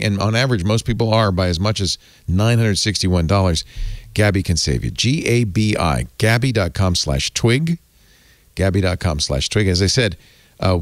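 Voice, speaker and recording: A man hosting a tech podcast, chatting casually and reading an ad in a rambling, animated way. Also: lowish voice, no room sound, studio quality. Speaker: podcast host. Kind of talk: casual tech podcast chat and live ad read.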